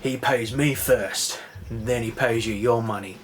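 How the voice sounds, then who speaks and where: A man's voice: mid-range voice, steady tone, a little slow, lightly acted. A man doing a blunt, bossy mob boss. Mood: domineering. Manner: blunt, demanding, loosely quoted.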